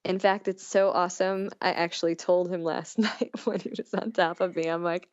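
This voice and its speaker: A woman with a fairly low voice chats candidly, giggling through her stories and acting out the dialogue. The sound is dry and close, with a slightly dull, lo-fi quality. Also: fairly even intonation, moderate pace, no echo. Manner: giggly storytelling, acts out quoted dialogue. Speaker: podcast guest. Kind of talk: candid casual chat.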